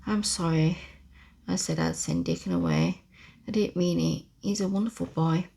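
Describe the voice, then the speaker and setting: A woman voicing a sickly, spoiled young boy in a whispered role-play, whining in a husky whisper. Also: fairly low pitch, fairly even intonation, moderate pace, mellow, heavily acted. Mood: eager. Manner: whiny, wailing whisper.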